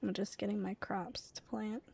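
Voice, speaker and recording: A woman's voice: mid-range voice, fairly even intonation, normal speed, creaky, darkish tone, slightly rough. A woman from the United States casually chatting while streaming a game, explaining words to her chat at an easy pace. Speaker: streamer and mother.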